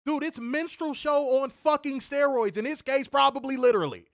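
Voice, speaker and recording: High-voiced man ranting in exasperation. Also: moderate pace, dry recording, studio quality. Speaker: co-host of wrestling review show. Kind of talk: casual podcast commentary.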